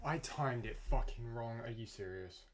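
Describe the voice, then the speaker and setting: Young man, gamer, frustrated swearing commentary, medium pitch, music in the background. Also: moderate pace. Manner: frustrated, swearing rants to himself. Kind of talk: gameplay commentary.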